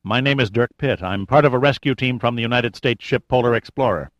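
A steady male rescuer, wry and reassuring, as a narrator plays him. He speaks gently and slips in dry jokes, keeping things light. Dry, slightly dull recording. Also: mid-range voice, fairly quick, dry recording, close to an everyday voice. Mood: calm. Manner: soothing, joking, easygoing.

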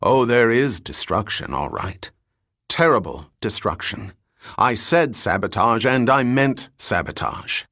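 A man's voice: fairly low pitch, animated, unhurried, pushed and bright, no room sound, clean studio sound, full character voice. A man voicing a grandiose, intense male naval captain, speaking with emphatic, building declamation in an audiobook reading. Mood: grim.

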